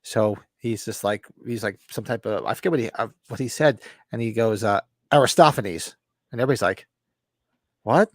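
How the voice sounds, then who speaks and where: A man's voice: fairly low pitch, fast talker, hardly any pauses, dry recording, clean studio sound. A man co-hosting a live movie watch-along, telling stories in casual chat and acting out the quotes. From New Jersey. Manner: animated storyteller, acts out quotes.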